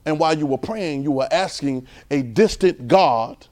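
Male preacher with a high voice, casual and animated delivery, repeats himself for emphasis. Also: normal speed. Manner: animated, repeats phrases, swings between loud and soft. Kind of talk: informal conversational sermon.

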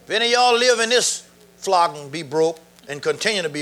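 Preacher, man, middle-aged, high bright voice, lively, laughing and shouting through the sermon. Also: brisk.

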